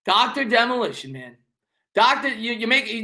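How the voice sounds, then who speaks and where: A young man with a strong New York accent hosts a casual sports live stream and reads out viewer comments. His voice sits high and sounds bright. He rambles, repeats lines, and jokes with the chat. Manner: fast, rambling, repeats himself, joking banter.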